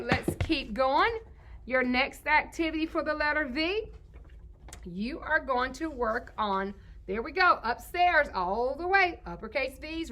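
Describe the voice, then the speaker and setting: A woman's voice: high voice, pushed and bright. A woman teacher giving a children's phonics lesson. She asks questions in a sing-song way and answers them herself.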